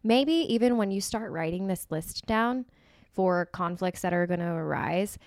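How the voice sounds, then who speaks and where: A woman co-hosting a casual podcast, earnest and emphatic as she gives advice. Her voice sits a little low for a woman. The sound is close and dry. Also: animated, unhurried, a little mellow, dry recording. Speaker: podcast co-host.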